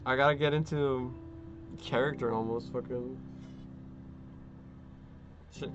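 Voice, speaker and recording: A man's voice: mid-range voice, fairly even intonation, unhurried, pauses often, dull audio. Rambling, swearing male streamer, faint guitar. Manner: rambling, swears often, many fillers. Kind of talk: casual chat while gluing a model kit. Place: at home.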